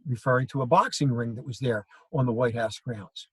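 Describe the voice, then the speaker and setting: A man's voice: mid-range voice, fairly quick, fairly bright tone, husky, dry recording, low-quality recording. A male history teacher giving a classroom lecture, telling stories and acting out quoted lines. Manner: storytelling, acts out quoted lines.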